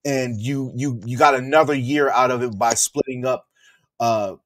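A man co-hosting a wrestling review podcast, chatting in an animated way and laughing often. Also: mid-range voice, normal speed. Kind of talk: casual podcast chat.

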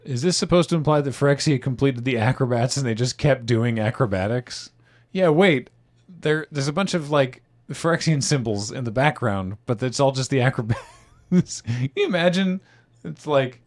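Lively male podcast host, middle pitch, reads suggestions aloud, laughs easily. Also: normal speed. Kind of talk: casual panel chat.

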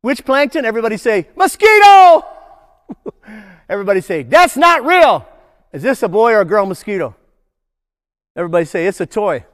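A high-voiced older man leads a children's nature program, calling out prompts for the crowd to chant back. His delivery is playful and bouncy, and a long hall reverb trails every phrase. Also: quick pace, long pauses. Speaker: nature educator.

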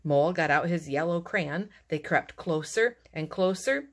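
A woman reading a children's storybook aloud in a lively, expressive way. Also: deep voice, unhurried. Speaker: narrator.

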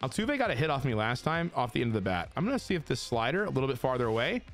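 A man giving casual, excitable commentary over his own video game match, swearing and trash-talking the opponent as he plays. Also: mid-range voice, rapid-fire, faint music behind. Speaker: gaming channel host.

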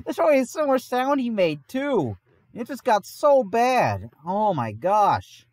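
A man's voice: very high voice, very animated, moderate pace, no echo. A man telling a long personal story in casual podcast chat, rambling and often laughing mid-sentence. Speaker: podcast host.

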